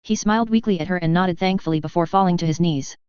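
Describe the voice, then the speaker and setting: A reader narrating a first-person fan fiction story aloud in a brisk, even storytelling read. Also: mid-range voice, clear, resonant tone, dry recording. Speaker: audiobook reader. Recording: dull lo-fi recording.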